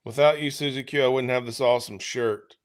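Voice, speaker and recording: A man's voice: medium pitch, steady tone, a little fast, a loud crowd. A man in a casual livestream chat, reading comments aloud in a wry way.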